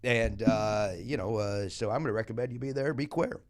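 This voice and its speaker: A man hosting a comedy podcast, rambling and mock-ranting with crude jokes and quick plugs for upcoming shows. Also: on the low side. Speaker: podcast host.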